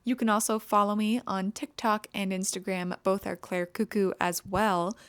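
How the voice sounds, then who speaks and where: A woman's voice: medium pitch, steady tone, normal speed, clear, resonant tone, no echo. A young adult woman reviewing makeup in a casual vlog, ranting with exasperated sarcasm and dramatic emphasis. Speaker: beauty vlogger.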